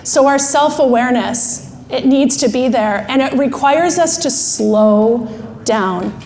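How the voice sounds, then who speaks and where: Brief: animated woman keynote speaker, high voice, quick laughs, live hall with long reverb and faint ambience. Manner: lively, self-deprecating, laughs often. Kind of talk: animated storytelling talk. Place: large expo hall.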